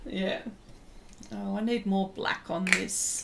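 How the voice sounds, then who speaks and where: A middle-aged Australian woman chats in a slow, unhurried way as she draws on a live stream. She rambles from one thought to the next and laughs often, and her voice sits at an ordinary middle pitch. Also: steady tone, gravelly, very noisy. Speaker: pastel artist streaming live. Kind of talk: casual livestream chat while drawing.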